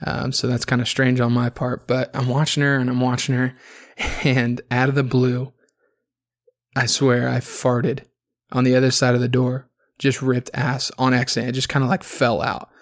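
A man with a gravelly, fry-laden voice tells a crude, rambling story on his podcast. He swears freely and talks in a loose, unscripted way at a middling pitch. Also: monotone, normal speed. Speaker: podcast host. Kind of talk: casual podcast monologue.

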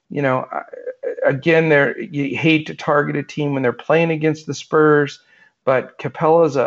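A man with a gravelly, fry-laden voice talks loosely on a sports podcast. He rambles and restarts his sentences often. The recording sounds dull and lo-fi. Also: on the high side. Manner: rambling, full of fillers and restarts. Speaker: podcast co-host. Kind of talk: casual sports betting chat.

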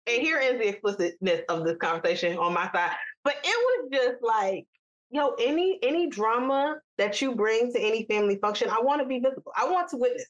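A woman from New York, a podcast co-host, telling a lively, profane family story in casual chat. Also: on the high side, quick pace. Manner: animated, profane, quoting others in voices.

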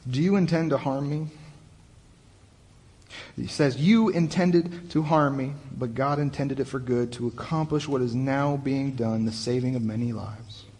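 The church hall's long reverb carries the measured, mid-range voice of a young man serving as youth pastor. His sermon is conversational, an animated retelling of the story in casual terms, with restarts along the way.

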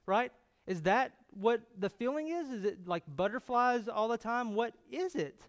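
A man's voice: extremely high pitch, lively intonation, normal speed. A man preaching a sermon as pastor, firing off rhetorical questions and building to fervent emphasis.

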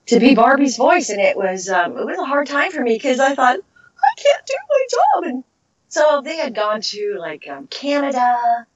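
A woman's voice: a little high, lively intonation, moderate pace, hardly any pauses, distant mic. A middle-aged woman and voice actress, telling stories in a casual interview and trailing off into tangents. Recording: dull lo-fi recording.

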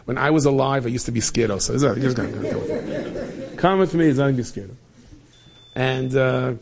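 A man's voice: medium pitch, a little mellow. A man telling an inspirational story to listeners, acting out the characters as he goes.

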